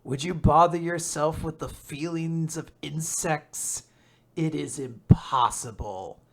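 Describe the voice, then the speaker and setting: A podcast host voicing a cold, sadistic elder male villain, speaking calmly and contemptuously. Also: medium pitch, slow pace, gravelly. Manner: calm and contemptuous.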